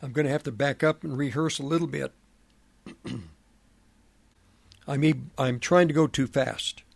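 A middle-aged man hosting a prophecy commentary program, speaking in a slow, halting way with many fillers and restarts. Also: mid-range voice, steady tone, gravelly, no room sound. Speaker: radio program host.

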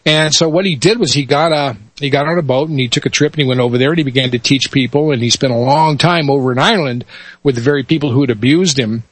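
A man telling a story in a folksy, halting way, with many fillers and restarts. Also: mid-range voice, breathy edge, no echo. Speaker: speaker telling a joke. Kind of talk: casual storytelling.

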